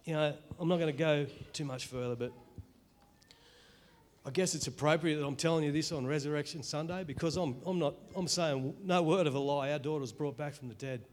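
Earnest Australian man testifying in church. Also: on the high side. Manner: earnest, emotional, halting with restarts. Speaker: church member giving testimony.

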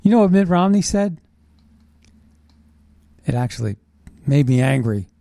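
Fired-up male host, sarcastic ranter, warm tone, dry close sound. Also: on the high side, measured pace, creaky, no room sound. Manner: animated, indignant, sarcastic ranting. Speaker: political commentary host. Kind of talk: opinionated political monologue.

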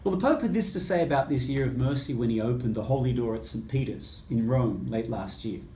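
Animated storytelling priest in a roomy space. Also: male voice, medium pitch, fairly quick, a little hiss or hum. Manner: lively storyteller who acts out quoted dialogue. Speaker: Catholic priest. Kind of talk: personal storytelling talk. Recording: roomy echo with faint ambience.

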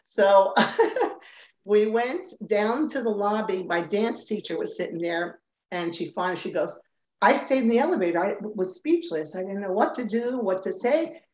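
A woman's voice: medium pitch, normal speed. An older woman, a former dancer, telling her story in an interview, acting out the people in it and laughing often. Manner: animated storyteller who acts out quoted voices and laughs often. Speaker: guest, former Rockette. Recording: roomy, slightly dull remote audio.

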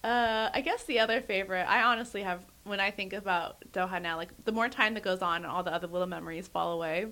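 A woman talking in a relaxed podcast chat, a museum educator telling laughing stories and acting out quoted voices. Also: mid-range voice, quick pace, few pauses. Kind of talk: casual chat.

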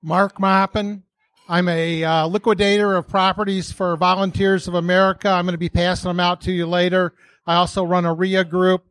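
A property liquidator introducing himself at a meeting, plain and slightly halting. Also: male voice, sits high, little pitch movement, a bit bright, no echo. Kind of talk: quick self-introduction.

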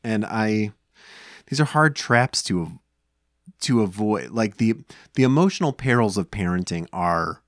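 Man, thirties, very low voice, rambling casual chat, dry sound. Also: animated, unhurried, dry recording. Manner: rambling, many fillers and restarts. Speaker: podcast co-host. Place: home.

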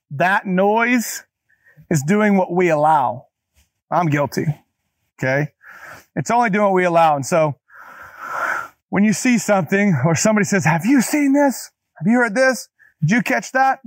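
Guy preaching, laid back but punchy, keeps repeating lines, kinda high voice, dry mic. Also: no room sound. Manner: emphatic, repeats key phrases for effect; casual, talks directly to listeners. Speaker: pastor. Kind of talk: conversational sermon.

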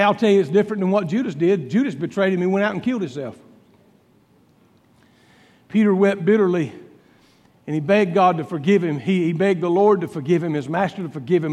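A male preacher with a very high voice, delivering a sermon. He tells the story dramatically, voicing the characters and swinging between booming and hushed lines. His voice carries a long reverb, as from a big hall. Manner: dramatic storytelling, acting out biblical dialogue with swings in volume. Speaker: pastor.

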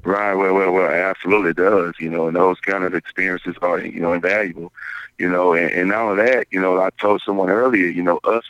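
A man, a basketball coach, talking in an interview with a raspy voice, rambling with many fillers and restarts. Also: low-pitched, fairly even intonation, brisk, a bit bright, no room sound, highs cut off. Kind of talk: phone-in interview.

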